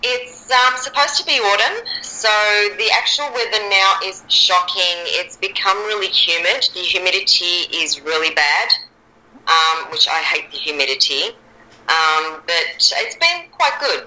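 An Australian woman in her fifties chats as a guest in an interview. Her voice is very bright and clear-toned. She talks easily, with frequent ums. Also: on the low side, expressive, a little slow, rough recording. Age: 50s. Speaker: guest actor. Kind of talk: casual interview chat.

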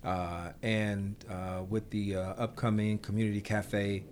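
Man, interviewer, somewhat low voice, hesitant and thoughtful, lots of fillers. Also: little pitch movement, unhurried, darkish tone, a little hiss or hum. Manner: thoughtful, hesitant, many fillers while framing questions. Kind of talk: conversational interview.

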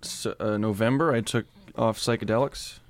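A man's voice: fairly low pitch, steady tone. A man co-hosting a casual podcast, cracking crude jokes and often stopping to restart his sentences. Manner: crude joking, halting. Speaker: podcast co-host.

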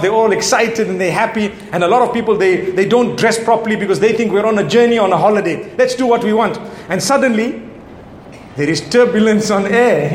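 Middle-aged male preacher, very high voice, animated delivery, echoey room. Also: a little hiss or hum. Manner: animated, acts out prayers and pleas. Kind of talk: sermon.

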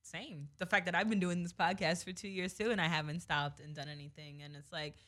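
A woman's voice: on the low side, fairly even intonation, fairly quick, a bit bright. A young woman hosting a podcast, chatting candidly and swearing freely while she tells stories. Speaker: podcast host. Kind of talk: casual podcast chat.

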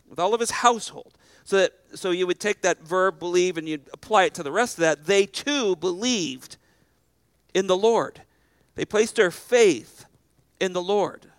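A man preaching a sermon as pastor, slowing down to stress key phrases and repeating words as he restarts. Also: fairly high pitch, a bit bright, clear, resonant tone, no echo.

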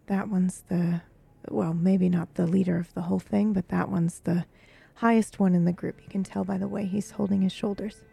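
A woman's voice: lowish voice, steady tone, moderate pace, creaky, few pauses, mellow, husky. A woman playing her character in a tabletop game, casual and a little hesitant. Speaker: player.

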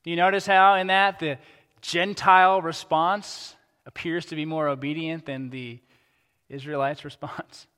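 A man preaching a sermon as pastor, animated and acting out the characters he quotes. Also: a little high, a little slow, clean tone, big-room sound.

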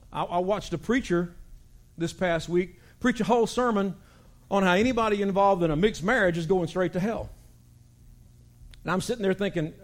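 Guy preaching, high voice, animated, jokes and acts out voices, gets loud at times. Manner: animated storytelling preaching, acting out voices with big shouts. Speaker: pastor. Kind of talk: sermon.

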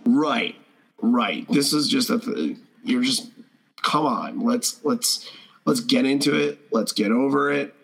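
Guy cohosting a podcast, mid-pitched, rambles and swears, lots of restarts. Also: expressive, takes it slowly, vocal fry, a bit bright, breathy edge, rough recording. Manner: rambling, profane, frequent restarts. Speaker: podcast co-host. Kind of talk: casual chat.

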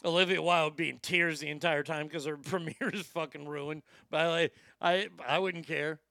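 Gravelly, bright-voiced man ranting brashly. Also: on the high side, steady tone, moderate pace, no echo, clean studio sound. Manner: brash, swaggering, heavy swearing. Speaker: commentary show host. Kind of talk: profane comedic rant.

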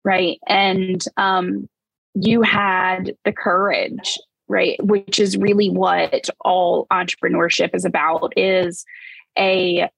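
A woman host with a gravelly, husky voice speaks encouragingly and reflectively to her guest. Her voice is recorded dry and close to the mic. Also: on the low side, flat delivery, takes it slowly, a bit bright, no echo, poor audio. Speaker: interviewer, podcast host. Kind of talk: interview, motivational talk.

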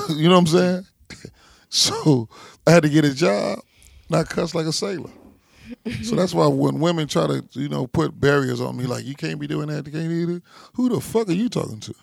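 A man's voice: a little high, creaky, dry recording, clean studio sound. A man chatting on a podcast, telling swaggering, crude stories and laughing often. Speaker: barber and podcast regular. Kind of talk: casual crude podcast banter.

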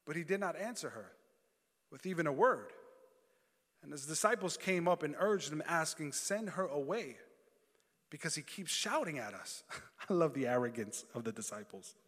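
A man's voice: on the high side, expressive, moderate pace, a bit bright. A man preaching a sermon, reading scripture aloud and then calling out to the congregation. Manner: reads scripture then preaches with call-and-response. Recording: long hall reverb.

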